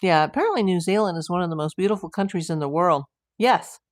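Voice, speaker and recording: Older American woman host, low-voiced, rambling, chatty livestream reads, close and dry. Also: expressive, fast, no room sound. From United States. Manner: chatty, rambling with asides and fillers. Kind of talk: casual livestream chat reading viewer comments.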